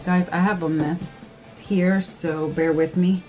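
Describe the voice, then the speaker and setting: A woman with a slightly low voice talks her viewers through a makeup routine in a casual, chatty way. She is jittery and excitable, breaking into gasps and squeals. Soft guitar music plays faintly behind her. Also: slow pace. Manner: nervous, excitable, squealing and gasping. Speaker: beauty vlogger. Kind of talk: casual makeup tutorial chat.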